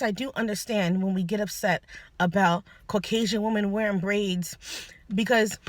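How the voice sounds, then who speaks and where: This vlog features a young woman with a mid-range voice and no echo, earnestly offering her personal opinions to the camera. Her delivery is tentative, full of restarts and apologies.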